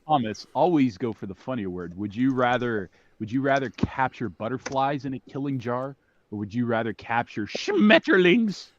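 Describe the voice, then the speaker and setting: A man's voice: mid-range voice, sing-song, normal speed, muffled recording, a little hiss or hum. A man on a casual comedic podcast who throws in dry, teasing jokes.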